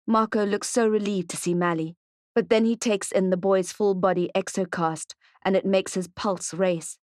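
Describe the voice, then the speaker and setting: A woman reads a novel aloud at a measured, steady pace. Her voice sits mid-range for a woman. The studio recording is dry and close, with no room sound. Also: mid-range voice, no echo. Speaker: audiobook narrator. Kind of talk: scripted narration.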